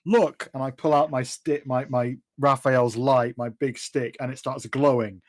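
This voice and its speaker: A man calmly narrates his character's moves in a tabletop game. His mid-pitched voice is plain and matter-of-fact. The sound is dry and close. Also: measured pace, few pauses, no room sound. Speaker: player.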